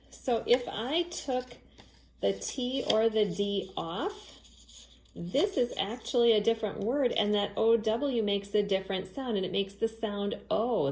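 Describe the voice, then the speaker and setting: A woman teacher giving a phonics lesson to young children, speaking clearly and patiently and spelling words out letter by letter. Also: medium pitch, darkish tone, reverberant, low-quality recording.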